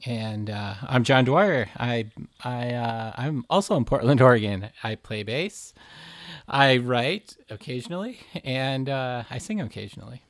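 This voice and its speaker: A man's voice: medium pitch, lively intonation, measured pace, no echo. Hesitant man, dry close sound. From Milwaukee, Wisconsin, US. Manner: hesitant, many fillers, laughs easily. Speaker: band bassist, interview guest. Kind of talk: casual interview chat.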